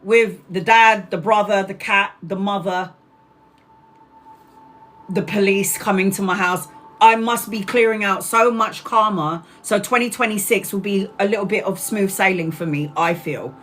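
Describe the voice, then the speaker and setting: A woman giving a live tarot reading in a loose, chatty way, blunt and quick to swear and laugh. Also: medium pitch, fairly bright tone, a little hiss or hum. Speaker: tarot reader. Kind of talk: live-streamed tarot reading, casual chat.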